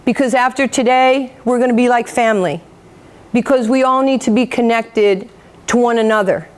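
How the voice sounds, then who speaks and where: Woman in her 50s from new york, fired-up storytelling talk, fairly high voice, jokes at her own expense. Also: normal speed. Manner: animated, acts out quotes, self-mocking humor. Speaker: motivational speaker. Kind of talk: motivational storytelling speech.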